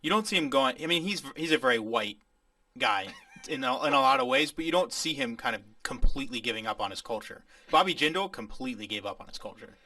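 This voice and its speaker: A man's voice: mid-range voice, lively intonation, fast, sharp tone, dry recording, recorded from a distance. A man co-hosting a podcast in casual chat, with wry, agreeable banter. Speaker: podcast co-host.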